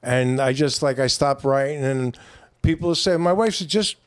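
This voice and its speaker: A man's voice: mid-range voice, normal speed, smooth, no room sound, studio quality. Older New man, rambling storyteller. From New York. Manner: rambling, profane, acts out quoted voices. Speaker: podcast guest, comedian. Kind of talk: casual storytelling chat.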